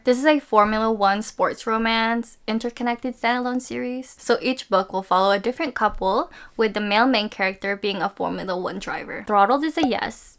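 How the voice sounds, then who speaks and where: A woman talking through her recent reads in a casual vlog. Her voice sits at an ordinary middle pitch, and she is chatty and expressive. She gushes over her favorites and laughs easily. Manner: gushing, playful and expressive, laughs often. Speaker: book reviewer.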